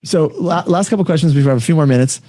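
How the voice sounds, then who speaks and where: A man's voice: a little high, mellow, no room sound, clean studio sound. A man hosting a podcast interview, explaining ideas with concrete examples and often checking in with "right?". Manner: brisk, explanatory, frequent "right?" check-ins. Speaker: podcast host. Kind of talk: conversational interview.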